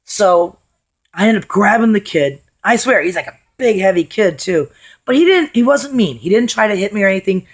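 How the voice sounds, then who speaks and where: A vlogger with a hoarse, worn-out voice tells her camera a story in a loose, chatty way, blunt and swearing casually. Her voice is mid-range and animated, at a normal speed.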